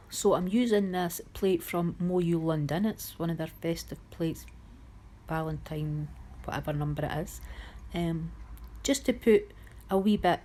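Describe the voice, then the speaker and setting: A woman's voice: deep voice, mellow. A woman narrating a nail art tutorial in a chatty, homely way, often critical of her own work. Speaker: nail art channel host.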